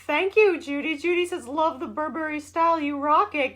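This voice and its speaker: A woman's voice: high-pitched, moderate pace, few pauses, a bit bright. A woman hosting a casual live-stream show, bubbly, greeting viewers by name in sing-song calls. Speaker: show host.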